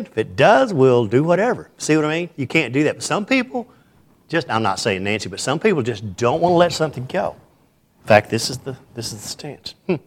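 Male pastor, informal church sermon, folksy and energetic, mid-pitched voice. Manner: folksy, animated, self-described hyper.

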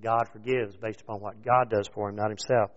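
A man pastor preaching a sermon in a conversational, animated way, throwing questions out to his listeners. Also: on the low side, brisk. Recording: dull lo-fi recording.

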